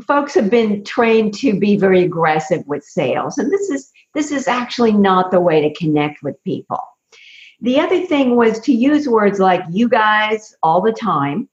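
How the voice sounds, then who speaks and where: A woman who is a communication coach, speaking as an interview guest in an animated way. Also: medium pitch. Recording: echoey dull remote audio.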